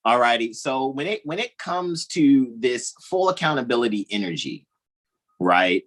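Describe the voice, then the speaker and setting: Husky, animated man on a video call. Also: mid-range voice, moderate pace. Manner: animated, laughing, thinking aloud. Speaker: astrology co-host. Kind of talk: casual astrology talk.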